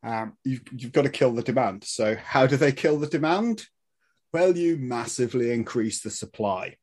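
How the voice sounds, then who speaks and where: A man explaining history in casual podcast chat, animated and swearing, laughing at his own points. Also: medium pitch, normal speed, slightly rough. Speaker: guest historian.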